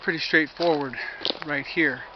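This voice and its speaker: Man, middle-aged, outdoor walking vlog, out of breath, earnest and spiritual, halting restarts, high voice, faint background noise. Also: fairly even intonation, highs cut off. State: out of breath from climbing. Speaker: vlogger. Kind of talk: rambling walk-and-talk vlog. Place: outdoors on a wooded hillside trail. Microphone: handheld camera while walking.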